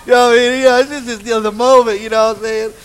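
A man preaching a sermon in church, an animated, humorous storyteller who keeps saying "you know". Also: very high voice, very fast, clean tone, low-quality recording. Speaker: pastor. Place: church with a live congregation.

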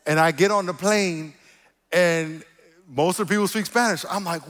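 A male pastor preaching, animated, moving between quiet asides and loud emphatic calls to the congregation. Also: high-pitched, normal speed. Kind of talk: sermon. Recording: reverberant church hall.

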